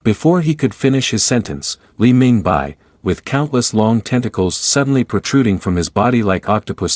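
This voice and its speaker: Male narrator, scripted recap, steady even read, lowish voice, dry close sound. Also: no room sound.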